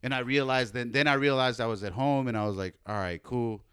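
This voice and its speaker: A man's voice: mid-range voice, a little fast, a bit bright, clean tone, no room sound, studio quality. A man co-hosting a podcast, telling a long story in casual, profane chat with lots of fillers. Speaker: podcast co-host.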